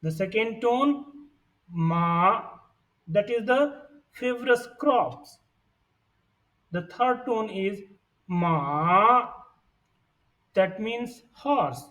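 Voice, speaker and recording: Slow, high-voiced male language teacher. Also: lively intonation, recorded from a distance, low-quality recording. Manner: deliberate, reading sounds out one by one. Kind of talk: pronunciation lesson. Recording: voice set back from the mic.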